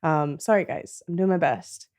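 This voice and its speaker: A woman hosting a podcast in casual chat, bubbly and laughing often with quick asides. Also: sits low, darkish tone. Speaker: podcast host.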